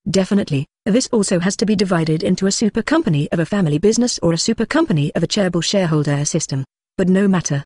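A text-to-speech audiobook narrator reading a machine-translated web novel in a flat, evenly paced manner. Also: mid-range voice, fast, slightly rough, dry recording, studio quality.

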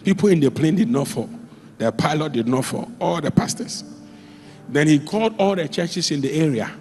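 Male pastor, animated storyteller, mid pitch, in a church hall with long reverb. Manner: animated storytelling, with sudden jumps in pitch and volume. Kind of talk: sermon.

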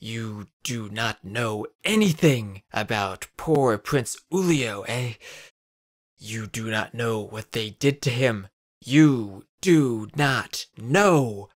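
Guy doing a hoarse old hut owner, low gravelly drawl, dry close sound, kinda pushy. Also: lively intonation, no echo, exaggerated voice. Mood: insistent. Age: older. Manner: slow, grows loud and urgent.

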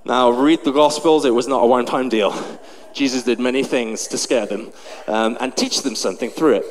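A man's voice: mid-range voice, moderate pace. A man preaching a sermon, animatedly acting out a story and out of breath. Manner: animated, acts out the scene. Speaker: pastor. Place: large church hall. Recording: long hall reverb, faint noise.

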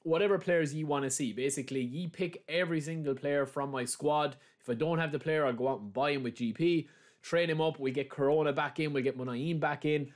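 A young man hosting a gaming channel, talking casually through a live match and breaking into loud, excited shouts. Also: fairly high pitch, brisk. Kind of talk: live gameplay commentary. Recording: steady background noise.

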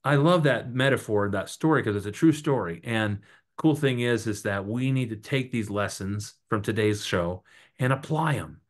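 Animated preachy motivational man. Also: fairly low pitch, normal speed. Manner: preachy, animated, storytelling, punchy repetition. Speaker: podcast guest. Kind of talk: motivational interview talk.

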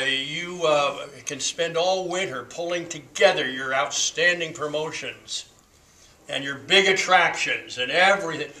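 A man in his seventies telling a story to a class in a folksy, unhurried way with frequent fillers. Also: fairly high pitch, pushed and bright, slight background noise, poor audio. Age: 70s. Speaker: class speaker.

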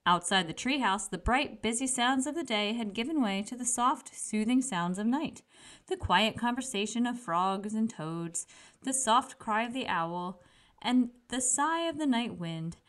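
A woman reading a children's picture book aloud with gentle, expressive storytelling. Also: a little high, a little slow.

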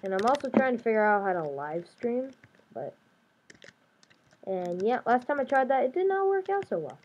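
A woman's voice: fairly high pitch, sing-song, moderate pace, darkish tone, lo-fi sound, a little hiss or hum. A young woman casually commenting on her own video game play, chatty and playful, talking to herself as she goes. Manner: chatty, playful, talks to herself while playing. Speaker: gaming YouTuber. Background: keyboard and mouse clicks.

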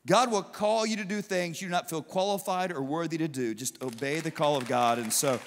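A man preaching a sermon as pastor, animated and acting out biblical figures in quick asides, in a large church auditorium. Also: fairly high pitch. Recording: long hall reverb.

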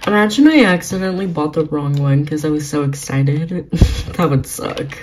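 A young woman vlogging as she plays a video game, giggly and gushing, often breaking into excited exclamations. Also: deep voice, unhurried, low-quality recording. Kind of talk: excited gaming vlog commentary.

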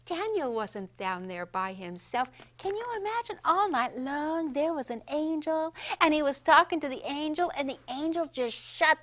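A woman telling a Bible story to children, speaking straight to the kids and swinging from hushed whispers to loud exclamations. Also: high voice, expressive, normal speed, hardly any pauses. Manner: addresses kids directly.

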